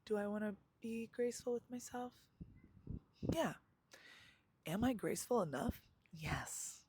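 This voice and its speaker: A woman's voice: medium pitch, animated, measured pace, a little mellow, breathy edge. A young woman vlogging live outdoors in a chatty, slangy, self-mocking way, laughing often. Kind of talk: casual live vlog chat.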